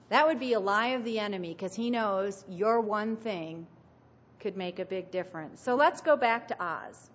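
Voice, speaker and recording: Slow earnest woman preacher. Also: medium pitch, muffled recording. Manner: earnest, emphatic, drops soft at phrase ends. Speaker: speaker at a women's gathering. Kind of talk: sermon.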